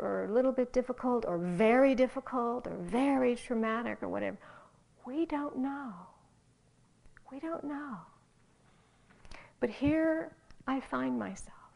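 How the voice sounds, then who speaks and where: Soft-spoken woman giving a slow dharma talk. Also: a little high. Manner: gentle, halting, with soft whispered phrases. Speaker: meditation teacher. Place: meditation hall.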